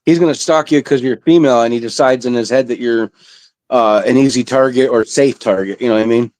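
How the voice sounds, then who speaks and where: A man's voice: mid-range voice, brisk, darkish tone, no room sound, low-quality recording. Supportive man on a livestream. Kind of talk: casual livestream chat.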